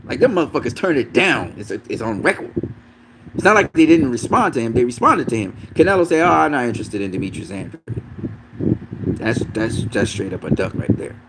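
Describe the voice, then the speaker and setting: A man's voice: medium pitch, sing-song, fairly quick, very noisy. A man giving a casual, profane, emphatic rant as a boxing commentator.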